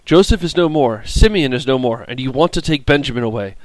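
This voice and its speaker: A man's voice: mid-range voice, animated, fairly quick, no room sound, close to an everyday voice, rough recording. A man reading the sorrowful lament of a grieving old father, in a dry recording. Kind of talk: scripted scripture reading.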